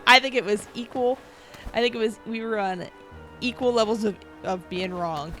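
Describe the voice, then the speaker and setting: A woman's voice: fairly high pitch, normal speed, fairly bright tone, faint music behind. A woman in her thirties chatting casually on a live stream, reading out viewer comments, telling stories and laughing often. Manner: chatty and laughing, reads viewer comments aloud and answers them. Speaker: game streamer.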